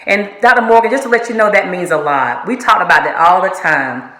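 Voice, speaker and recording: A woman's voice: lowish voice, brisk, sharp tone. A woman, an ultrasound tech, earnestly giving a heartfelt farewell message straight to the listener. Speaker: ultrasound technologist. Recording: echoey room.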